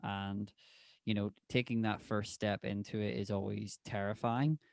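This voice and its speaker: A man with a Northern Irish accent hosting a podcast interview, talking in a relaxed, hesitant way with lots of fillers. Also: on the low side, a little slow, gravelly, no echo, studio quality. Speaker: podcast host. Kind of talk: casual interview chat.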